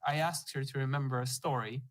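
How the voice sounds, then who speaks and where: A man hosts a relaxed conversation and tells a story about a training session. He acts out the people in it with lively voices, often stopping to restart his sentences. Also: medium pitch, fairly quick, rough recording. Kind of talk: conversational anecdote.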